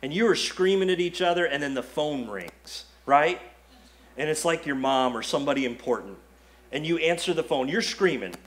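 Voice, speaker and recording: Guy pastor preaching, casual and chatty, voice sits a bit high. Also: animated, normal speed, a bit bright. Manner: conversational preaching with quoted asides. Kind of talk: sermon. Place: church sanctuary.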